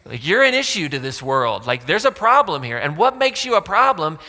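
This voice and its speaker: A man's voice: fairly high pitch, sing-song, a little fast, bright, forceful tone. A man preaching a sermon in a church, conversational and joking, full of asides. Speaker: pastor. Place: church auditorium. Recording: long church reverb.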